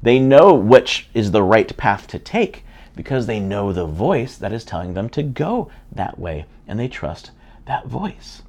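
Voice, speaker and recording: A man's voice: on the low side, very animated, a little slow, darkish tone. A middle-aged man, a pastor, teaching a sermon in an earnest, conversational way with frequent restarts.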